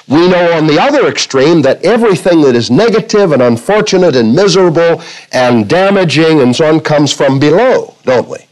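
Male preacher, slightly higher voice, delivers a sermon with stories and slow, drawn-out scripture readings. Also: lively intonation, low-quality recording. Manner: preaching with illustrations, quoting scripture, varying pace. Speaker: pastor.

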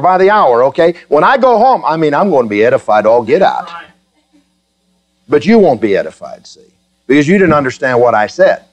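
A man's voice: on the high side, very animated, a little fast. Fervent, joking male preacher. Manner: chatty and joking with the congregation; builds to fervent, emphatic preaching. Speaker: pastor. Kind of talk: sermon.

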